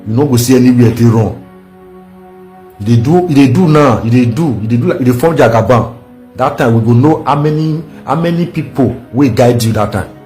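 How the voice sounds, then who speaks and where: A man's voice: mid-range voice, a little fast, dark tone, faint music behind. A man speaking Nigerian Pidgin, making a defiant political protest speech with repeated warnings.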